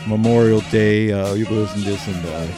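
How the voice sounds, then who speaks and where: A man's voice: on the low side, steady tone, brisk, over music. A man co-hosting a podcast, telling rambling stories in casual chat and laughing as he goes. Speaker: podcast co-host.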